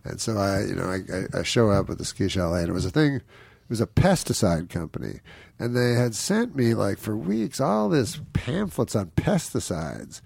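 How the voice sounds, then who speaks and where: A man's voice: lowish voice, big pitch swings, normal speed, vocal fry, a little mellow, slightly rough, dry recording. A man, a comedian, telling rambling anecdotes, chuckling often and acting out the people he quotes. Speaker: comedian guest. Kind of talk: anecdotal storytelling.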